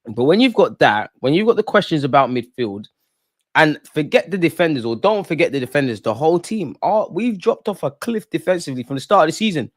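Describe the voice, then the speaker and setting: A man's voice: on the high side, animated, fairly quick, no room sound, studio quality. Opinionated man chatting football. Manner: casual, opinionated, rambling with slang. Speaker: football fan channel host. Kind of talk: live match watch-along chat.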